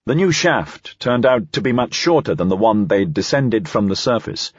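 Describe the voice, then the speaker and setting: A man giving a scripted, evenly measured narration of an audiobook. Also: on the low side, animated, breathy edge, dry recording, highs cut off.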